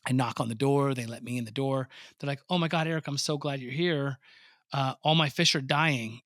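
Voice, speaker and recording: A man's voice: mid-range voice, fast, dry recording, clean studio sound. A man, a pond business owner, telling stories in a casual podcast interview and acting out his own surprised reactions. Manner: animated storyteller, swears freely, acts out his own reactions.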